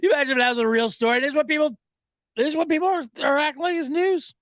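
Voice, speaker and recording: Sarcastic, high-voiced man hosting a podcast. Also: fairly even intonation, racing, a bit bright, no echo. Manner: sarcastic, riffing, reads viewer comments aloud. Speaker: sports betting podcast host. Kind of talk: casual profane commentary.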